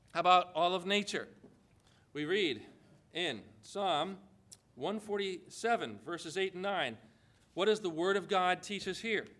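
A man's voice: fairly high pitch, fairly bright tone. A man preaching a sermon, reading scripture aloud and pressing his listeners with emphatic direct questions. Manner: emphatic, preacherly, with dramatic pauses. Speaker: pastor.

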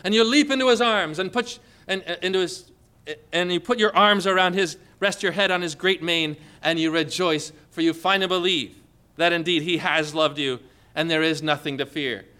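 A man preaching a devotional sermon in an earnest, expressive way, asking rhetorical questions. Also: high-pitched, moderate pace, clear, resonant tone.

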